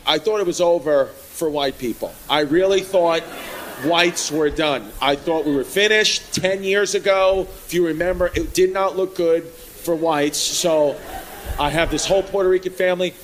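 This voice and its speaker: A male stand-up comedian performing a brash set on a comedy club stage, shouting punchlines over a laughing crowd. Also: on the high side, moderate pace. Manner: brash, loud bursts of shouting. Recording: live club recording with crowd noise.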